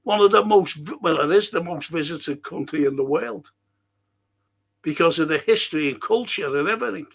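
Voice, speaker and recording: A man's voice: on the high side, normal speed, vocal fry, breathy edge. A man hosting a rambling solo monologue, blunt, swearing and often restarting his sentences. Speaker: host.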